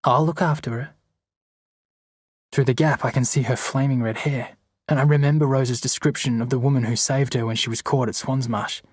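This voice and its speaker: A man narrating an audiobook chapter in a steady, measured reading. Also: medium pitch, husky, dry recording, clean studio sound. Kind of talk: scripted narration.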